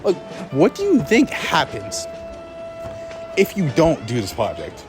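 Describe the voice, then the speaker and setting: A young man with a lively, swooping voice tells a story to camera in an exasperated, profane rant, stumbling and restarting as he goes. Clear music plays behind him throughout, and his pitch sits a little above the usual. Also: a little slow. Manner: exasperated, swearing, laughing, many restarts. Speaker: vlogger.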